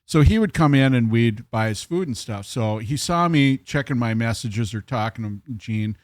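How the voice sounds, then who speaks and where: Man, podcast co-host, casual storyteller, animated, medium-pitched voice, dry sound. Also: normal speed, dry recording. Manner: animated, acts out quoted voices.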